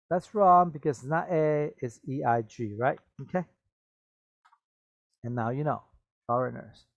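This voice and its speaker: Slow, patient male English teacher. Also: fairly high pitch, no room sound, dull audio. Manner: patient, repeats words and checks with "okay?". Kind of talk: classroom vocabulary lesson.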